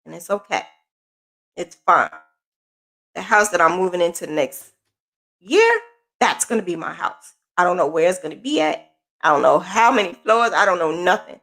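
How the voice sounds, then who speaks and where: A woman's voice: lowish voice, animated, normal speed, pauses often, fairly bright tone. A woman mentor giving a casual, earnest motivational talk to her followers, encouraging them and repeating phrases for emphasis. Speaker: sewing business mentor.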